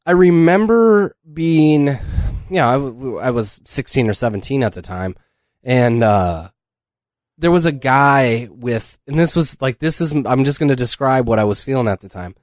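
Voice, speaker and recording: Male podcast co-host, mid pitch, rambling anecdotes, dry close sound. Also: animated, moderate pace, dry recording. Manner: rambling storyteller, breaks into laughter. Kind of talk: casual chat.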